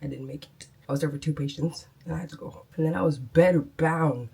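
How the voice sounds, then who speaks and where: A woman's voice: sits low, fairly quick, vocal fry, mellow, a little hiss or hum. A young woman, chatting casually in her vlog while still short of breath and coughing from a cold. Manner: chatty, slangy, rambling. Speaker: vlogger. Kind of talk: casual chat.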